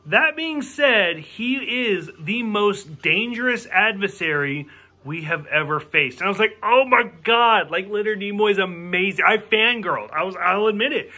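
High bright-voiced man ranting casually. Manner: frank and profane, with filler "like" and acted-out quotes. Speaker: movie reviewer. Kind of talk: casual ranting movie review.

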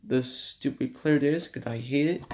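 A man at home casually showing off his DVD collection, reading out running times in a halting, stumbling way. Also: medium pitch. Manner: shouts at noisy kids, then apologizes. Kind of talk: casual home video show-and-tell. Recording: faint background noise.

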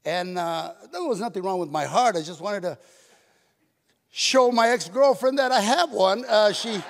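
A man's voice: sits high, normal speed, creaky. An older man giving a tearful, storytelling award speech at a banquet, slipping into his mother's voice. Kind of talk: stand-up style speech at a banquet. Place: hotel ballroom. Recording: echoey hall, PA system.

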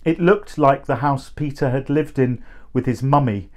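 A man reading a short story aloud, measured and expressive. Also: medium pitch.

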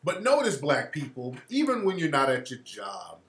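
A man's voice: medium pitch, normal speed. A man hosting a radio show, talking in a casual, profane monologue and laughing as he tells stories. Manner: profane, laughing, animated storytelling. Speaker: radio host. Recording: roomy echo.

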